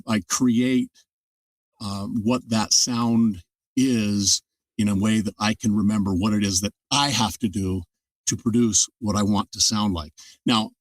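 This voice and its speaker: In a relaxed interview, an older man who narrates audiobooks walks through his craft in a thoughtful, explanatory manner. He speaks at normal speed with a fairly low pitch and fairly even intonation, and the distant mic gives a dry sound.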